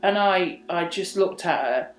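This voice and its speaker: A young woman telling a true story in casual chat, drops soft and breathy for quoted lines. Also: fairly low pitch, expressive, a little slow. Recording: echoey room.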